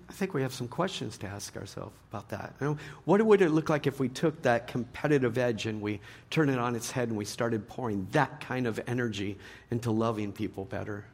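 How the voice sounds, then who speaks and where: Here a middle-aged pastor jokes his way through a sermon before a live church crowd, moving from loud laugh lines to soft, heartfelt points. The voice is lowish and slightly rough.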